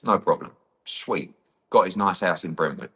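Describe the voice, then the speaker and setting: A man's voice: low voice, normal speed. A middle-aged man, a boxing promoter, telling a story in an interview and acting out the dialogue. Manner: animated, acts out quoted dialogue, says "blah, blah, blah".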